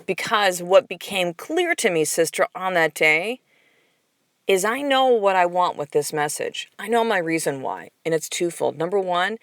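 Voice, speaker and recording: Expressive and on the low side, this middle-aged woman's voice comes through at normal speed with no echo. As host of a motivational podcast, she coaches listeners in a fired-up, blunt style laced with plenty of profanity.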